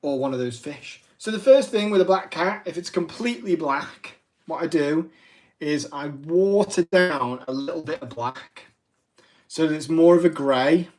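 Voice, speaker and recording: A man's voice: fairly high pitch, measured pace, a little mellow. A man, hosting a casual live craft demo, chatty and self-deprecating with rambling asides. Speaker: craft livestream host.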